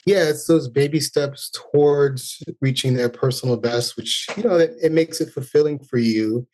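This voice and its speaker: Male educator guest, thoughtful and earnest, relaxed interview talk. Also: medium pitch, normal speed, slight background noise. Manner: reflective, earnest, speaks in long thoughtful runs. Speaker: violinist and music educator, podcast guest. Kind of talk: casual interview chat.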